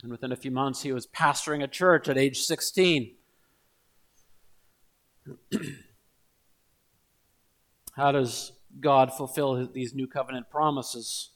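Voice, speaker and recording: A man's voice: mid-range voice, fairly even intonation, slow pace, long pauses, fairly bright tone. A man preaching a sermon in an earnest manner, building to emphatic repeated appeals.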